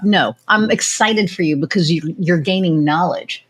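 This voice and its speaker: A middle-aged woman hosting a podcast, telling stories in a lively, chatty way and acting out what others said. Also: fairly low pitch, fairly quick, few pauses. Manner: animated storytelling, acts out quoted voices. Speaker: podcast host. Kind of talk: casual chat.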